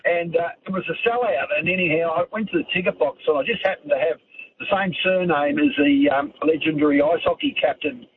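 A man calls a radio show and tells a rambling tale. His voice sits high, and the phone line is thin and noisy. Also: lively intonation, brisk. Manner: rambling storyteller. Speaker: caller. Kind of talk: talkback call.

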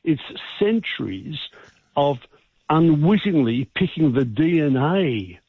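A man's voice: on the high side, big pitch swings, takes it slowly, breathy edge, no room sound. A male vet, explaining earnestly and emphatically over the phone. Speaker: vet expert guest. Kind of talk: phone interview. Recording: tinny phone line.

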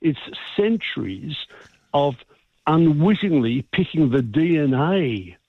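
Australian vet on a tinny phone line. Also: male voice, on the high side, big pitch swings, slow pace, breathy edge, dry recording. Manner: warm, expansive, rambling explanations. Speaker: veterinarian guest on the phone. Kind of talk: radio phone interview. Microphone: telephone line.

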